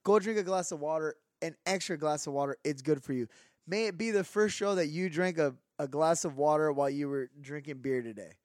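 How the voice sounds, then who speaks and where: A man co-hosting a casual podcast, rambling through an animated rant full of fillers. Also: on the high side, fairly quick, dry recording, clean studio sound. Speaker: podcast co-host.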